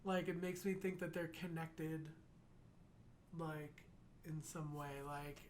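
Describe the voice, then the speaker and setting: A man hosting an anime reaction video, chatting casually and excitedly with many fillers. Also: fairly high pitch, slow, slight background noise.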